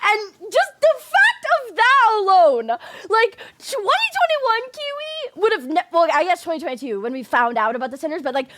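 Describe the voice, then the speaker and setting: Young woman game reactor, very high bright voice, swoops wildly, gushing and apologetic. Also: very animated, normal speed, hardly any pauses, slight background noise. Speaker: gaming video creator. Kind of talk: excited game reaction commentary.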